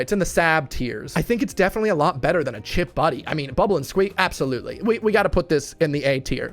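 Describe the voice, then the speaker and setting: Young male vlogger from the US, light high voice, casual and jokey, self-correcting as he talks. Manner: playful, joking asides, quick self-corrections. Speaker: food vlogger ranking dishes. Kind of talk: casual tier-list commentary.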